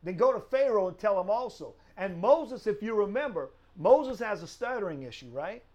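A man's voice: sits high, animated, normal speed, a little mellow, highs cut off. A man teaching a Bible study lesson, explaining step by step with rhetorical questions and a frequent tag "right?".

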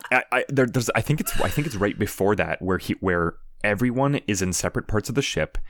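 A man with a very low voice chats casually about movies on a podcast. He talks in a halting way, repeats words and laughs easily. The sound is close and dry. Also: expressive, a bit bright, dry recording. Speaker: podcast co-host.

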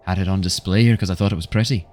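A man's voice: low-pitched, fairly even intonation, racing, darkish tone, faint music behind, natural voice. A man voicing a sly, jovial male tiefling innkeeper who talks in a chummy, wheedling way. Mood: innocent. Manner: chummy, wheedling, casual slang.

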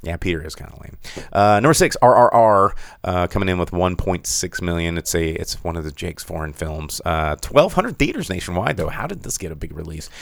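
A man's voice: low voice, expressive, fairly quick, vocal fry, no echo. A man co-hosting a podcast in casual chat, running through numbers with frequent self-corrections and fillers. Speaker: podcast co-host.

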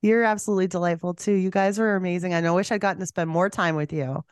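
A woman hosts a podcast in casual chat, playful and quick to giggle. Her voice is a little low and sounds dry and close. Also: fairly even intonation, clean tone, dry recording. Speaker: podcast host.

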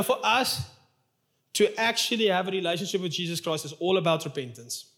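A man's voice: sits high, fairly bright tone. A male pastor preaching a sermon in a church, telling a personal story in an open, emotional, confessional way.

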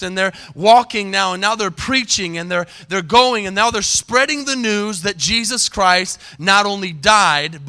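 A middle-aged man preaching a sermon from a church pulpit, his voice high and bright. He speaks with a smooth, resonant clarity and keeps drawing the congregation in with calls for an amen. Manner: preaching with call-and-response "amen" questions. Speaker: pastor. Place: church sanctuary.

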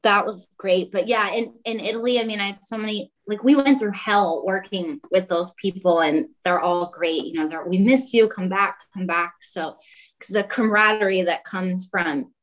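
A woman's voice: medium pitch, moderate pace, poor audio. A woman, a guest on a talk show, telling a story in a casual way and acting out the people she quotes. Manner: animated, acts out quoted voices.

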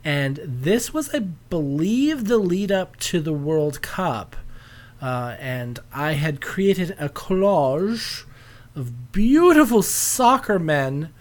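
A man's voice: fairly high pitch, very animated, takes it slowly. Giggly rambling man hosting a podcast. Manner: giggly, rambling, self-deprecating. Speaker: podcast host. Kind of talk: casual podcast chat.

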